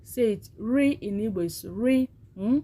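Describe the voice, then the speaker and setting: A woman's voice: a little high, expressive, unhurried, dark tone. A woman teaching a language lesson, patiently repeating words for learners to say after her. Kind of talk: slow spoken language lesson.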